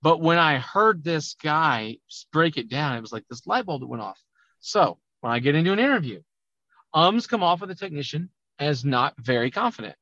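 A man talking loudly and emphatically as a business coach in a conversational podcast interview. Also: a little high, moderate pace, no echo, muffled recording. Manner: loud, emphatic, animated talker. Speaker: auto repair business coach.

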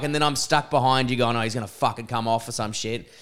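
A young Australian man on a podcast, talking in a blunt, animated way and swearing freely. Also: medium pitch, quick pace, smooth. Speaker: podcast co-host. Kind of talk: casual chat.

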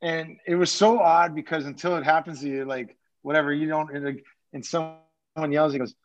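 Man, ex-hockey player, rambling profane storyteller, slightly raised pitch, dull lo-fi recording. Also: fairly even intonation, fairly quick. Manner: rambling, profane, frequent restarts. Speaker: podcast guest, former pro hockey player. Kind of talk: casual storytelling. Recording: dull lo-fi sound.

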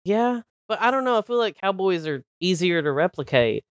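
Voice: mid-range voice, a little fast, no room sound, studio quality. A podcast panelist ranting in casual chat, swearing freely and acting out quoted lines. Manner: animated swearing rant, mimics quotes.

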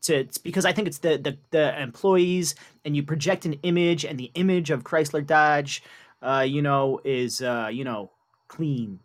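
A man's voice: a little high, normal speed. A man co-hosting a podcast, chatting casually, laughing, teasing and swearing. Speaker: co-host. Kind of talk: casual chat.

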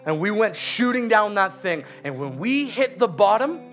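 A man with an unusually high voice tells a sermon story about his daughter. He is animated and laughs along the way, slowing to a crawl on the key lines. Faint music plays underneath.

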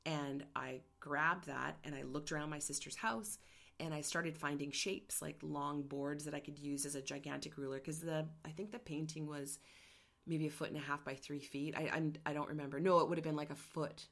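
A woman's voice: deep voice, steady tone, normal speed, vocal fry, fairly bright tone. A middle-aged woman, an artist hosting her own show, telling a personal story candidly and getting emotional. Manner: candid, emotional, gets choked up. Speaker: podcast host and artist.

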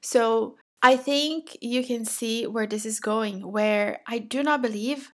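A middle-aged Brazilian woman with a Brazilian Portuguese accent hosts a casual solo podcast, speaking directly and encouragingly to the listener. Her voice is a little high and a bit bright, and she takes her time.

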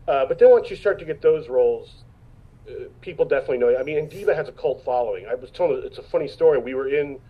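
A husky man in his fifties chatting as an interview guest. He tells stories, restarts his sentences and acts out what other people said. The audio sounds dull and lo-fi. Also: medium pitch, fast talker. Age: 50s. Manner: storytelling, acts out quotes, frequent restarts. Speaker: actor guest. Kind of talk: casual interview chat.

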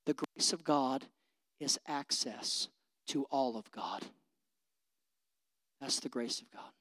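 A woman's voice: very deep voice, slow. A woman preacher delivering an emphatic, rousing sermon and calling out for amens from the congregation.

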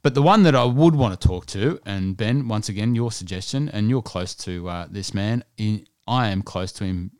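A man's voice: lowish voice, lively intonation, normal speed, hardly any pauses, darkish tone, smooth, no echo, clean studio sound. A Scottish-born man hosting a solo podcast, chatting in a rambling, enthusiastic way with plenty of fillers. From Scotland. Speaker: podcast host. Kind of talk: casual solo podcast chat.

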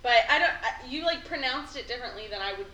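A woman co-hosting a casual chat, animated and giggly, reading poems and quick to protest. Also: a little high. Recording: echoey room, faint background hiss.

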